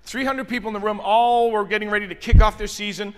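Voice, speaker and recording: A hospitality communication trainer, a man with a high, steady voice, speaks fast and clearly in a resonant tone that leaves a long reverb tail. He is giving a motivational seminar on communication in a large function room with an audience, telling stories expressively and speaking straight to the crowd.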